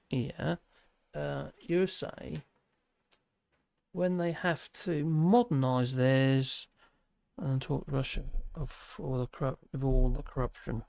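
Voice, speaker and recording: Rambling man with a gravelly voice. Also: mid-range voice, fairly even intonation, dry recording, studio quality. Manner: rambling, halting, many fillers and restarts. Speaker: livestream host. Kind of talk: casual live commentary reading viewer comments.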